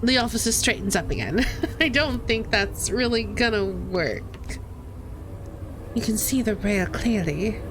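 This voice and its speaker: Chatty young woman streamer, lively voice. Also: medium pitch, unhurried, background noise. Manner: chatty, reads game text aloud, chats with viewers. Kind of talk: casual game playthrough narration.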